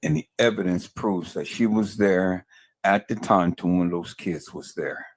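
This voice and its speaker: Furious deep-voiced man ranting on a livestream. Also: unhurried, dry recording. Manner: furious, repeats himself, addresses viewers as peoples. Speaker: livestream host. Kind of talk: angry livestream commentary.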